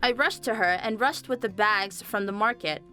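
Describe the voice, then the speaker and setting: A young woman narrating a scripted animated story, chatty and speaking straight to viewers. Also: mid-range voice, moderate pace. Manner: chatty, addresses viewers directly. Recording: faint music behind the voice.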